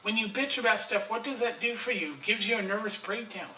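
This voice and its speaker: A man's voice: sits high, brisk, sharp tone, reverberant, recorded from a distance, slight background noise, poor audio. A man ranting in a casual monologue, blunt and profane, full of strong opinions and frequent restarts. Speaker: online commentator.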